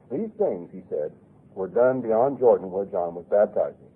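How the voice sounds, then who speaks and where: A man's voice: on the low side, lively intonation, normal speed, slightly rough. A man preaching a sermon, earnestly reading scripture aloud with rising and falling emphasis. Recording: lo-fi phone-like radio broadcast.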